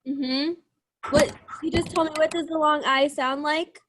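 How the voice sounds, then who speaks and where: Young woman teacher on a video call, kinda high voice, slow and patient with the kids. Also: steady tone, background noise. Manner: slow, encouraging, drawn-out sounds. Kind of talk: online class lesson.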